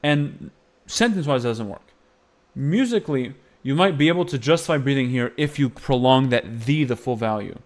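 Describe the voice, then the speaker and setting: A man's voice: medium pitch, lively intonation, normal speed. A man teaching Byzantine-style chant phrasing, explaining patiently and singing short phrases to demonstrate. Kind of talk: music lesson with sung demonstrations.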